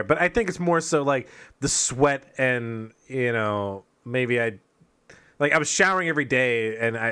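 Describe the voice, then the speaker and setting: Bright-voiced man telling a rambling story. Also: mid-range voice, clear, resonant tone. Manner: rambling, profane, self-mocking storytelling with frequent fillers. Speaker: podcast co-host telling a story. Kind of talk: casual chat.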